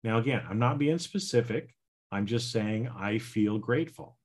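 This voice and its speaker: A man's voice: fairly low pitch, expressive, breathy edge. A man hosting a self-help podcast in a casual, folksy way, checking in with listeners by asking "right?" and "okay?". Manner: slow, repeats "right?" and "okay?"; folksy and plain-spoken. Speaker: podcast host, healing coach.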